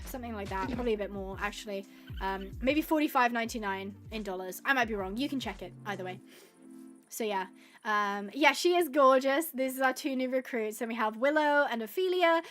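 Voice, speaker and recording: A woman's voice: high-pitched, a bit bright. A woman streaming a game live, chatting casually and rambling, laughing often and acting out little quotes. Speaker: gaming streamer.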